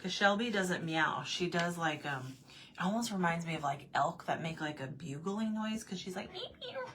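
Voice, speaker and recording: A woman paints at her desk at home and chats casually with her livestream viewers. Her voice sits a little low but swings lively up and down. A faint hiss of noise sits under the talk, and she laughs often as she answers the chat. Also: moderate pace.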